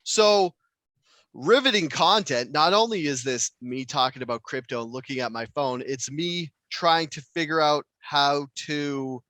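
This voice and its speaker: Bright, brassy-voiced man chatting. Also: on the high side, unhurried, no room sound. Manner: rambling, frequently swearing. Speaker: podcast co-host. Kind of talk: casual podcast chat.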